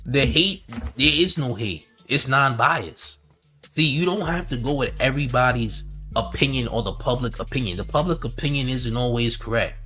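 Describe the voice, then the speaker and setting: A man riffs on a livestream, bright-toned and animated. He mocks and reads out chat comments in a loose, casual style. Faint music sits underneath his talk. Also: mid-range voice, normal speed. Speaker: commentary host.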